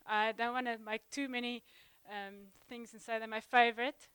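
A young woman giving a sermon in a church, chatty and halting, full of ums and restarts. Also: fairly high pitch, steady tone, fairly bright tone, clear, resonant tone, dry recording. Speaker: guest preacher. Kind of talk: sermon opening, casual warm address.

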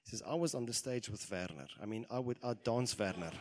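A man in his thirties preaching a sermon, animated, acting out quoted lines and swelling into loud exhortation. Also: medium pitch, brisk, few pauses.

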